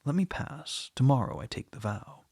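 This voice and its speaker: A man with a husky, gravelly voice voicing an anguished young woman about to take her vows, pleading in a raised voice. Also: expressive, normal speed, darkish tone, no echo, clean studio sound. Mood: resolute. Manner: pleading, higher voice. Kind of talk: storybook reading.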